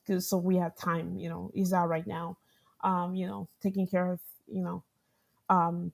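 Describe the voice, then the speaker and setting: A director of product management is interviewed, telling workplace stories in a conversational way with a medium-pitched voice. She's an animated storyteller who acts out quoted dialogue, laughs, and often ends points with a questioning "right?"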